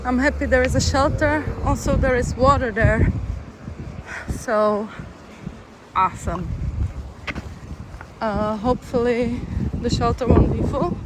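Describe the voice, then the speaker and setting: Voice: mid-range voice, slow pace, pauses often. A young adult hiker chatting casually and wryly to the camera while walking outdoors by a road. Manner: chatty, easygoing, wry. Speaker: long-distance hiker, vlogger. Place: outdoors by a road in a town, windy. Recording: wind and traffic noise outdoors. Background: wind and passing vehicles.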